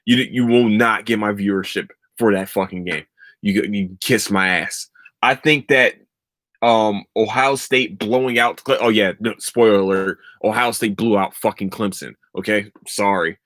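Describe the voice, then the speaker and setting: A man's voice: fairly low pitch, fairly even intonation, normal speed, a bit bright, dry recording, clean studio sound. A young man hosting a podcast, ranting about sports in a heated, sarcastic and profane way. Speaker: podcast host. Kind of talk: casual sports rant.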